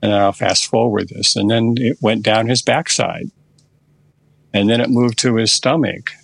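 An older man, a therapist appearing as a podcast interview guest, walks through a session step by step at an unhurried, conversational pace. His voice is lowish, creaky and slightly rough, with fairly even intonation and no room sound.

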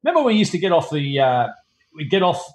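With a fairly high, sing-song, slightly mellow voice, this Australian ex-cricketer turned TV producer talks fast as he tells casual stories from the past. His reminiscing wanders, full of fillers and frequent restarts.

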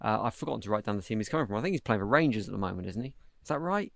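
Relaxed male host with a gravelly voice, dry close recording, reading transfer news. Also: fairly low pitch, rapid-fire, no echo. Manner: laid-back, reads out transfer news. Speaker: podcast host. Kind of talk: casual football chat.

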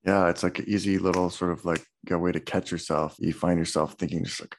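A man's voice: low-pitched, little pitch movement, fairly quick, slight background noise. A man interviewing a guest, asking questions and pushing back with wry, joking examples. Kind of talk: conversational interview.

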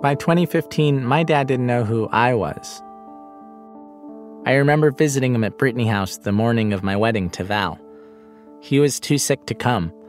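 A man narrating a personal podcast in a quiet, reflective scripted voice. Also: mid-range voice, normal speed, soft background music.

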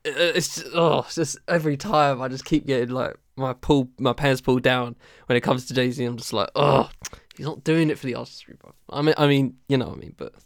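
Male co-host, smooth and dry, rambling, casual chat. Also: mid-range voice, fairly even intonation, brisk, few pauses, dry recording. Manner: rambling, hesitant, laughs often. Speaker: podcast co-host.

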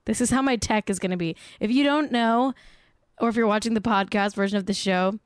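A woman's voice: mid-range voice, brisk, clean tone, dry recording, clean studio sound. A young woman hosting a casual celebrity gossip podcast, chatty and self-mocking, swearing now and then and saying "like" a lot. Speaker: podcast host.

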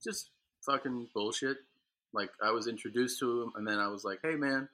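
Bright-voiced man telling profane stories. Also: medium pitch, moderate pace. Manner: profane, swings into mock voices for others in his stories. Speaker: comedian guest. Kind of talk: casual podcast chat, storytelling.

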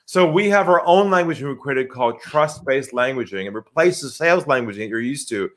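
A man's voice: mid-range voice, a little fast. A man, a sales trainer, answering interview questions by telling vivid stories and acting out phone calls. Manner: animated storyteller, acts out phone calls.

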